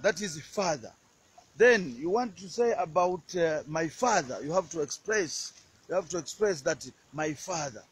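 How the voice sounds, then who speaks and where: A man's voice: sits high, expressive, measured pace, slightly rough. A man giving a casual outdoor language lesson by a lake, repeating words often and hesitating with many fillers. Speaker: language teacher.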